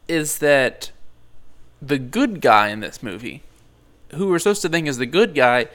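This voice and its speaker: A man's voice: medium pitch, a bit bright. A man chatting casually about a movie, rambling with lots of fillers and jokes. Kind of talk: casual movie review chat.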